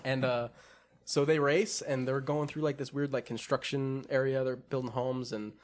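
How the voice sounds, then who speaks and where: A man co-hosting a casual podcast, talking in an animated, joking way. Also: medium pitch, moderate pace, a little hiss or hum. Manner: animated, joking, laughs often. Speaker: podcast co-host. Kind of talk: casual chat.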